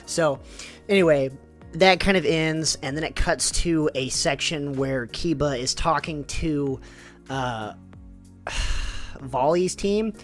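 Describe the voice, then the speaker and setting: A man's voice: on the high side, slow pace, soft background music. Rambling casual man summarizing a story. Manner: rambling, loose and profane, lots of fillers. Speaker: YouTuber summarizing light novels.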